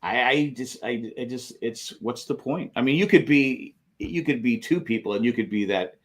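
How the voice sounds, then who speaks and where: Man co-host, mid-pitched, halting casual talk with lots of restarts. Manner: halting, many restarts and fillers. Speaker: podcast co-host. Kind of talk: casual chat.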